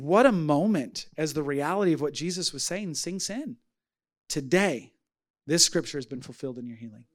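A man preaching a sermon as pastor, telling a story with lively acted-out voices. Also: a little high. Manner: animated storytelling, acting out voices.

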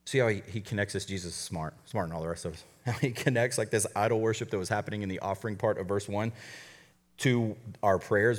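A man who is a college pastor, preaching a conversational sermon with quick asides and light humor. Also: on the low side, long reverb tail.

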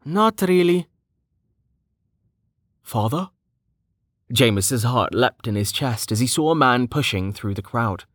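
A man reading a fantasy novel aloud as audiobook narration, in a measured, even manner. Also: medium pitch, slightly rough, no room sound, studio quality.

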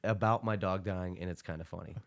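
Deep-voiced young man telling stories. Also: brisk, gravelly. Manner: animated storytelling, laughs often. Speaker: podcast guest. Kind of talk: casual chat.

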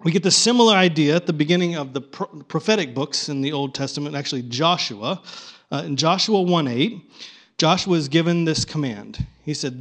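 Male Bible teacher, slightly high voice, animated and repetitive, pulls the group in. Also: fairly quick. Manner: animated, repeats and restarts words, coaxes the group to join in. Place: room with a live group.

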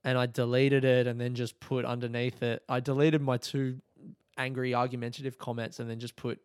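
An Australian man in his thirties tells a rambling, sweary story on his comedy podcast and pokes fun at himself as he goes. His voice is smooth and resonant and sits in a middle register. The recording is dry and close, with no room sound. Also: mid-range voice, a little fast, no room sound. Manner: animated, sweary, self-mocking. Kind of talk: casual storytelling monologue.

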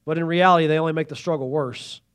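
A man preaching a sermon in a church, emphatic and calling out to the congregation, moving between loud pleading and hushed asides. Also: on the high side, fairly even intonation, fast, smooth. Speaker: pastor. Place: church sanctuary.

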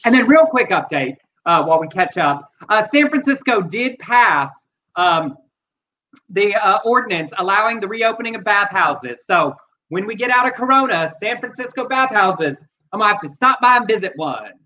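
A man's voice: high-pitched, lively intonation, moderate pace, sharp tone, muffled recording, slight background noise. A man co-hosting a podcast, speaking earnestly and persuasively about politics and news. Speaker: podcast co-host. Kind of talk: casual chat, commentary.

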